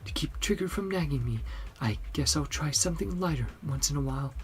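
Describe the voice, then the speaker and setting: A man's voice: fairly high pitch, animated, brisk, a little hiss or hum, pitched above the performer's own voice. A man voicing an eager, earnest young male fitness trainee.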